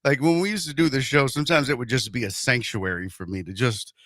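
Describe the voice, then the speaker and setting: A man's voice: mid-range voice, fast, no room sound, clean studio sound. A man hosting a radio show, telling a story in casual chat and acting out the voices in it with jokes. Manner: animated, joking, acts out voices in his story. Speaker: radio host.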